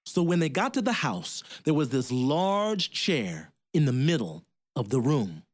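Slow, lively male storyteller. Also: mid-range voice. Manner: lively and rhythmic, with sound effects. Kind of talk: told folk tale.

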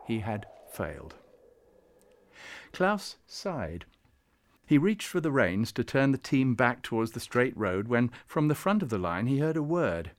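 A man reading a storybook aloud in scripted narration, measured and gently expressive. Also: medium pitch.

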